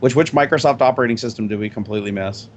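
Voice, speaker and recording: A man co-hosting a casual tech talk show, talking quickly and cracking jokes. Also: mid-range voice, slight background noise. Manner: quick, wisecracking. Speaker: co-host. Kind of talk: casual tech podcast chat.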